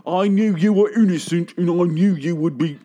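A man's voice: sits high, normal speed, mellow, highs cut off, voice pushed up. A man putting on a gushing British girl. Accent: exaggerated British. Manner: over-the-top, breathless. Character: gushing young British woman fan.

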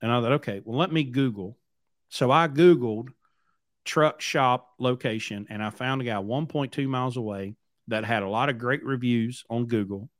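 A man's voice: mid-range voice, normal speed, dry recording, clean studio sound. A man hosting a podcast, telling a long story in a rambling, blunt way, repeating words as he goes. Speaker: podcast host and trucking company owner. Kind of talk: casual storytelling.

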